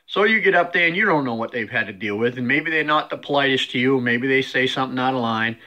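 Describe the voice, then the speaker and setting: A man's voice: mid-range voice, lively intonation, fast talker, bright, forceful tone, lo-fi sound. A man hosting his own show, giving a folksy motivational talk full of repeated rhetorical questions. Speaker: host.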